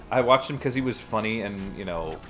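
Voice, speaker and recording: A man's voice: lowish voice, animated, normal speed, faint music behind. Rambling young man streaming a game. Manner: rambling anecdotes, frequent laughter. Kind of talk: casual chat while streaming a game.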